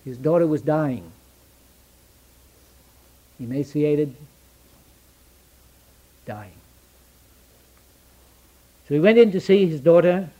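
Man preaching a sermon, a bit higher-pitched than most; works in short repeated phrases, slows down for stress, drops to a near-whisper. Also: expressive, muffled recording. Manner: rhetorical questions answered in short repeated phrases; swings from loud emphatic lines to hushed near-whispers.

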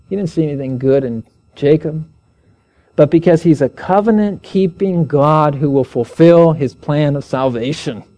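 Earnest man preaching, mellow voice. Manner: earnest, asks the listeners questions, raises pitch when reading scripture aloud. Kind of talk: evening Bible teaching sermon.

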